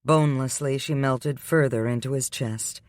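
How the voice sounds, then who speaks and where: A man giving the scripted, unhurried narration of a romance audiobook. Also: mid-range voice, dry recording.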